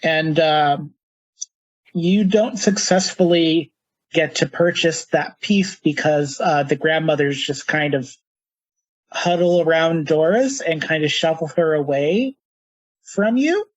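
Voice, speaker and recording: A man's voice: a little high, slow, dry recording, poor audio. A man narrating as game master, rambling loosely with lots of fillers.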